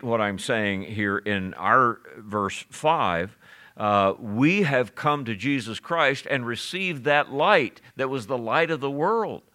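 A middle-aged man preaching from the pulpit, working through scripture verse by verse and telling stories along the way. His voice is bright and forward, and his delivery is loose, full of "uh"s and restarted phrases. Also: medium pitch. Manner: expository preaching with anecdotes, frequent "uh" and restarts. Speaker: pastor. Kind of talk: sermon.

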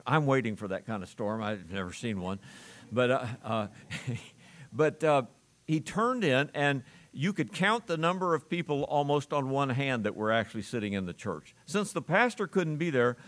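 Man, pastor preaching a sermon, mid-pitched, earnest and emphatic, leans hard on repeated phrases, small chuckles. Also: a bit bright.

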